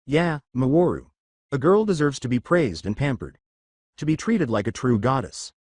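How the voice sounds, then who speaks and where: A man's voice: mid-range voice, very animated, normal speed, darkish tone, breathy edge, dry recording, clean studio sound. A man voicing a cheeky young ninja.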